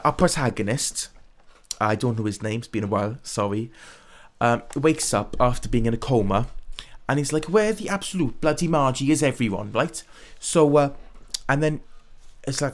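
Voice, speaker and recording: A man playing a crude, irreverent nun who hosts a comedy web show, talking with a British accent in a rambling, deadpan, sweary monologue. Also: medium pitch, natural voice. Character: irreverent crude middle-aged nun host. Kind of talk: scripted comic monologue.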